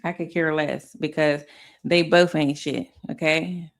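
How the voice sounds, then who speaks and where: A woman's voice: deep voice, steady tone, a little slow. A woman hosting casual commentary, blunt and profane, often laughing. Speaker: commentary host.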